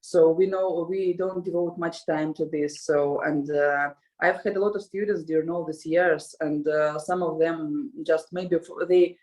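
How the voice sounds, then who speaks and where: Woman with a Russian accent, halting. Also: deep voice, steady tone, a little mellow, poor audio. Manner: hesitant, many fillers and restarts. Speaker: guest, language school co-founder. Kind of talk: casual interview.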